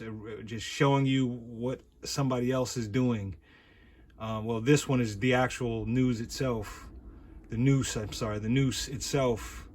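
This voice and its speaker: A man vlogging in a casual monologue, rambling and repeating words, often laughing. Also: medium pitch.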